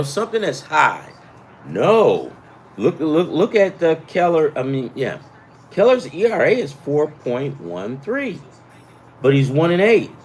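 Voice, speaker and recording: A man's voice: mid-range voice, a bit bright, a little hiss or hum. A man hosting a casual sports betting chat, rambling and profane, with self-deprecating asides. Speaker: sports betting picks host.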